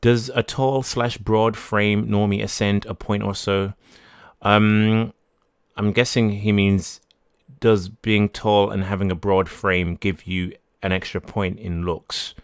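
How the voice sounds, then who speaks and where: Low smooth-voiced man hosting a stream. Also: little pitch movement, takes it slowly, no room sound, clean studio sound. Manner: rambling, restarts sentences, corrects himself often. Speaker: livestream podcast host. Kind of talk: casual live-stream talk, reading viewer messages.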